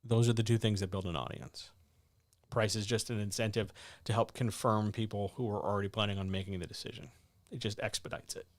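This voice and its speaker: Speaking a little fast with no echo, a man hosts a writing advice livestream and responds to viewers' questions. The chat is casual yet blunt and sardonic, animated by sudden leaps in his pitch.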